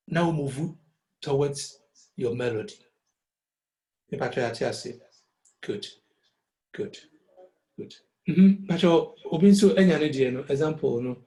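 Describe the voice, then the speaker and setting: A man's voice: mid-range voice, warm tone. A man with a Ghanaian accent teaching a music lesson, patiently repeating words syllable by syllable. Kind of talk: classroom lesson mixing Twi and English. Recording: echoey room.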